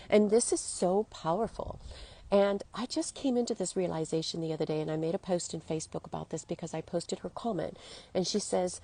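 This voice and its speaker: A woman's voice: fairly low pitch, creaky, warm tone, slight background noise. A woman in her fifties, a health coach, talking earnestly and emotionally straight to her listeners. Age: 50s. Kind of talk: motivational monologue to listeners.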